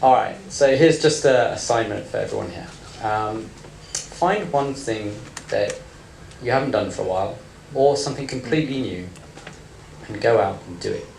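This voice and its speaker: At a live panel in an event room with an audience, a man in his thirties talks bluntly and playfully, swearing freely. His voice is lowish, gravelly and darkish at a moderate pace, and the echoey room carries faint ambience plus a slight hiss or hum.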